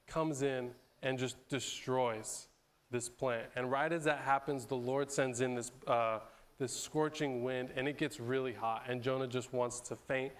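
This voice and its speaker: A man giving a sermon in an easygoing, conversational way, stumbling back over his words and pausing to clear his throat. His voice is smooth and resonant, sitting at an ordinary middle pitch. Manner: loose and conversational, with frequent restarts and repeated words; clears his throat often between phrases. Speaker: pastor. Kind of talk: sermon retelling a Bible story.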